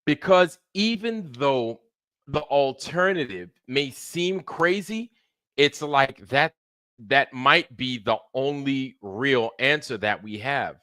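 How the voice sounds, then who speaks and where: A man's voice: medium pitch, animated, slow pace, sharp tone, smooth, dry recording, studio quality. A man hosting his own livestream, ranting casually with lots of swearing, repeating points and asking rhetorical questions. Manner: profane, repetitive and emphatic, with frequent rhetorical questions. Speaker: streamer hosting a show.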